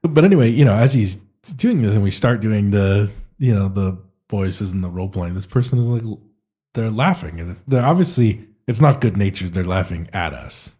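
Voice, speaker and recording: Male co-host, low husky voice, hesitant and self-deprecating in casual chat. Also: animated, moderate pace, mellow. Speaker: podcast co-host and game master.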